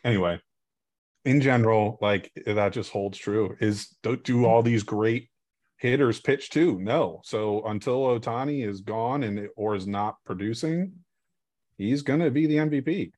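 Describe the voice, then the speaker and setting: A man's voice: medium pitch, measured pace, a little mellow. Opinionated man in casual sports chat. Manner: opinionated, rambling with restarts.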